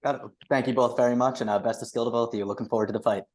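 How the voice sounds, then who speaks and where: A man's voice: mid-range voice, steady tone, racing, a little mellow. A man, a reporter, politely asking questions with many fillers. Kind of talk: press question.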